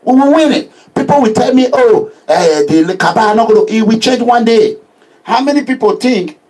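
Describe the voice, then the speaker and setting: A man with a Nigerian accent giving an impassioned social media address as a political activist, animated and preachy, full of proverbs. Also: very high voice, moderate pace, breathy edge, rough recording.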